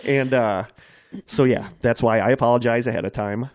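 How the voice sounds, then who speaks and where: A podcast co-host chats casually, rambling and self-deprecating as he tells stories. His medium-pitched, slightly mellow voice has fairly even intonation and normal speed, captured with clean studio sound and no room sound.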